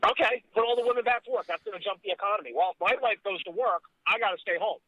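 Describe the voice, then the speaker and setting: A man's voice: sits high, rapid-fire, dry recording. A man hosting a casual political talk show, blunt and sarcastic, with swearing. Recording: dull lo-fi recording.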